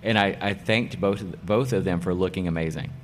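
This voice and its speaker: With a low voice and a fairly quick delivery, a middle-aged hairdresser who owns a salon chats through a casual interview. He's enthusiastic and emphatic, repeating key phrases to hammer them home, and there's a little hiss or hum.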